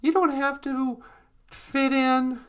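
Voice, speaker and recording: A woman voicing a protective vampire big sister, speaking softly and slowly to reassure. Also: sits high. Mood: tender.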